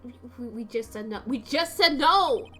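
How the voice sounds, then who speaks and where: A woman's voice: a little high, animated, moderate pace, faint music behind, lightly acted. A woman voicing a flustered, earnest young male defense lawyer who talks in a nervous, protesting way.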